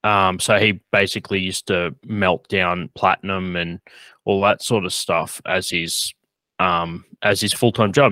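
A man's voice: deep voice, pushed and bright, dry recording. A man hosting a podcast in casual chat, rambling with lots of fillers and frequent laughs. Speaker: podcast host.

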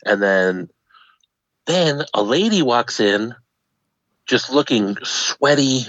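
Acting out the voices of the characters, a young man animatedly tells a funny personal story. His fairly low-pitched voice comes through a dull, lo-fi, dry recording with no room sound.

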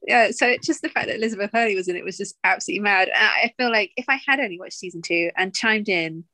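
A woman's voice: medium pitch, fast, pushed and bright, no room sound. A woman co-hosting a podcast in giggly, chatty casual conversation. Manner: giggly, chatty, frequent laughter. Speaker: podcast co-host. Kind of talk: casual chat.

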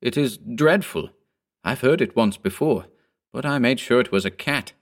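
A man's voice: mid-range voice, lively intonation, moderate pace, voice pushed up, natural voice. A man reading a ghost story, voicing a frightened, fretful stout innkeeper in a raised, wailing tone. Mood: dismayed. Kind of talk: audiobook character voice.

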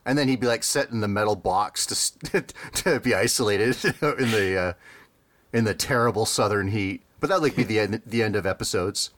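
A man co-hosting a casual podcast chat, rambling and amused, with many fillers and quick laughs. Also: on the low side, fairly bright tone. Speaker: podcast co-host.

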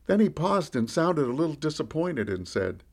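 A man with a voice on the high side and a moderate pace plays a candid fisherman disciple telling his own story in first person. He's a podcast storyteller whose lively telling moves up and down with the action.

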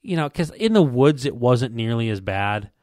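A man's voice: medium pitch, lively intonation, moderate pace, a little mellow, dry recording, studio quality. A man casually telling a long hunting story, rambling and stumbling over repeated words while acting out what people said to him.

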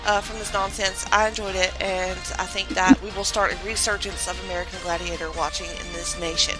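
A woman's voice: mid-range voice, little pitch movement, a little fast, music in the background, poor audio. A woman hosting a podcast, bantering wryly and laughing with her guest. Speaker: podcast host. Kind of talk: casual podcast chat.

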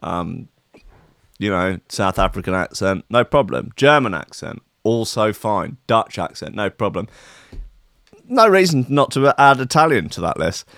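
A man rants through the news in a sarcastic, profane comic style. His pitch swings widely, from mutters to sudden high outbursts. The sound is dry and close to the mic. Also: big pitch swings, unhurried, creaky, a bit bright, no room sound. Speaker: podcast host. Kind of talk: sweary comic news rant.

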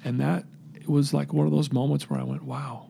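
A man's voice: fairly high pitch, big pitch swings, fairly quick, gravelly, mellow, a little hiss or hum. A man, a podcast guest, telling a personal story in earnest, acting out the dialogue he recounts. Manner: earnest, emotional.

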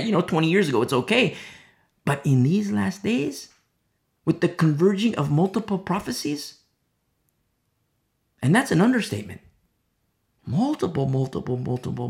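A man preaching a verse-by-verse sermon, repeating phrases with urgent appeals and dropping to soft whispers at times. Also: sits high, very animated, normal speed, gravelly. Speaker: preacher teaching a Bible study.

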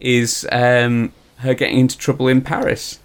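A man's voice: medium pitch, flat delivery, moderate pace, smooth. A man co-hosting a casual film chat, often repeating words as he searches for the right phrasing. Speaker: podcast co-host.

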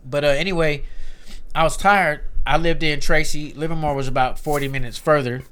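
A man's voice: fairly high pitch, fairly even intonation, fairly quick, fairly bright tone, clear, resonant tone. A middle-aged man from Northern California in casual chat, telling loose, profane stories. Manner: swearing, loose storytelling.

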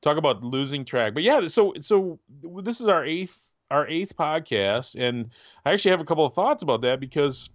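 A man's voice: a little high, animated, moderate pace, no echo, highs cut off. A man in his forties co-hosting a podcast, rambling and chatty, often trailing off and restarting. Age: 40s. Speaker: podcast co-host. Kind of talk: casual chat.

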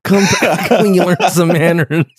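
A man's voice: high-pitched, fairly even intonation, normal speed, breathy edge, no echo. A man in casual podcast chat, swearing a lot and acting out characters in put-on voices as he recaps a show. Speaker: podcast co-host.

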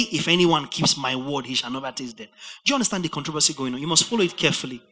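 A man preaching a verse-by-verse Bible study sermon, animated and rising to near-shouts for emphasis. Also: fairly high pitch, fast talker, faint music behind.

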